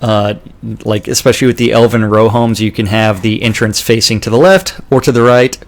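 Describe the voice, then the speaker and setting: A man co-hosting a game news show in casual chat, wry and chatty, with halting restarts while going through the news. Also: lowish voice.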